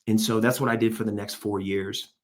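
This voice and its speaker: Low-voiced motivational former athlete. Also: male voice, level tone, brisk. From United States. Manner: emphatic, motivational, quotes himself and others. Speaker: guest, former NFL player and speaker. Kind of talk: storytelling interview answer.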